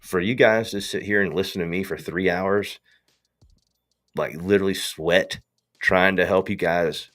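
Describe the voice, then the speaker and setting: A man's voice: sits low, fairly bright tone. A man with a thick Southern US accent, hosting a rambling, slangy casual talk. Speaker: host.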